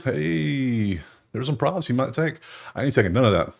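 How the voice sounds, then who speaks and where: A man's voice: mid-range voice, lively intonation, moderate pace, creaky. A man hosting a sports betting channel, talking through games in a loose, joking way and chuckling often. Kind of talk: casual screen-share commentary.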